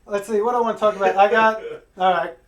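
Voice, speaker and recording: A man's voice: sits high, fairly even intonation, fast talker. An American man doing a stand-up set, telling a profane, ranting story and acting out his angry phone calls. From United States. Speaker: stand-up comedian.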